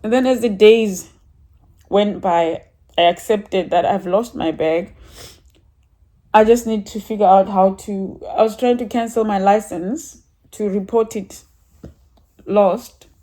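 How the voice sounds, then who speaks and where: A woman's voice: mid-range voice, takes it slowly, pauses often, warm tone. A woman giving a casual, rambling church testimony, chatty and a little emotional. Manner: chatty and rambling, with frequent laughs and some emotion. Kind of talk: casual spoken testimony story.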